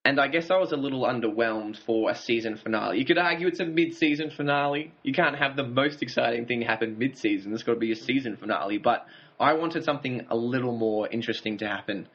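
A man's voice: mid-range voice, fast talker, fairly bright tone. A man co-hosting a casual TV review chat, recapping the plot and chuckling now and then. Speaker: podcast co-host. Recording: dull lo-fi audio.

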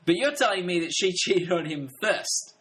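Casting: animated male co-host, somewhat high voice with a wide swinging pitch, laughs easily. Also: normal speed. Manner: animated, laughs often, acts out quotes in voices. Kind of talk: casual podcast chat about a TV drama.

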